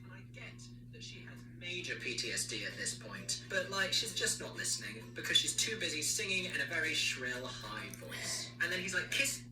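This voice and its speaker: A man hosting a podcast, giving sarcastic, animated commentary and mimicking characters as he talks. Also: sits high, brisk. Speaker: podcast host. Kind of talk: opinionated casual commentary. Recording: roomy echo, distant mic, music behind.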